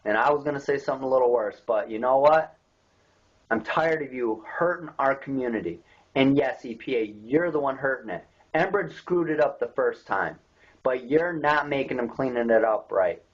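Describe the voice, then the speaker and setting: A man's voice: medium pitch, lively intonation, moderate pace. A man, angrily ranting into a webcam and firing off repeated rhetorical questions. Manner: indignant, repetitive, rhetorical questions. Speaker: local activist vlogger. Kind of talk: angry webcam rant. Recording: dull lo-fi webcam audio.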